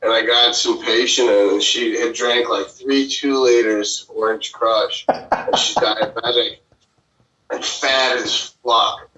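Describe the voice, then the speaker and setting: A man's voice: medium pitch, steady tone, takes it slowly, sharp tone. A man who is a physician and podcast host, telling stories in casual chat with blunt, profane language. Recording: roomy, distant, dull lo-fi sound.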